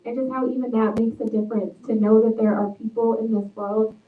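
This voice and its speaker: A woman's voice: a little high, fairly even intonation, brisk. A woman author speaking at a book talk, telling stories earnestly and reflectively. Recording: tinny, echoey, far from mic.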